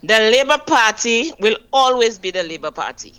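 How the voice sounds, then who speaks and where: A Saint Lucian woman calling in to a talk show, her voice high and bright. She preaches with fervor and stretches out key words slowly for effect. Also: lively intonation, smooth, rough recording. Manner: impassioned, preachy, emphatic with slow drawn-out stresses. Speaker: caller. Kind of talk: call-in radio political rant.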